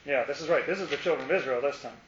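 A man's voice: a little high, racing, fairly bright tone, echoey room, muffled recording, a little hiss or hum. A man leading a casual Bible study, explaining passages with playful asides.

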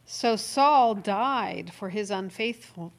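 A woman reading Bible verses aloud in a slow, measured way during a study group. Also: medium pitch. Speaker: scripture reader.

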